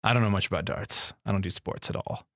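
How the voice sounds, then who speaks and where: A man co-hosting a comedy podcast, rambling in a goofy, deliberately dim improv voice. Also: on the low side, fairly bright tone, dry recording, clean studio sound. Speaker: podcast co-host.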